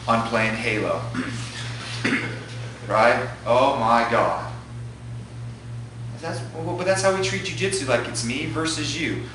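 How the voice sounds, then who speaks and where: Brief: a male jiu-jitsu instructor, excitable and profane, recorded from a distance in an echoey room; bright voice. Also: medium pitch, a little hiss or hum. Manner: excitable, profane, acts out students' thoughts. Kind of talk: animated talk to a class.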